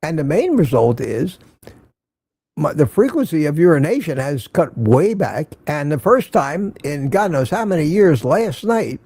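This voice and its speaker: Older male livestream host from Central Florida, rambling casual chat, husky and gravelly, dry close sound. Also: on the high side, dark tone, no echo. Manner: rambling, reads viewer comments aloud.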